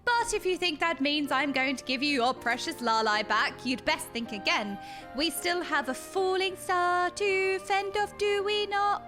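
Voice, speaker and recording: A woman's voice: very high-pitched, a little slow, sharp tone, faint music behind, full character voice. A woman voicing a haughty, imperious female sorceress, reading game dialogue in a lofty, archaic way.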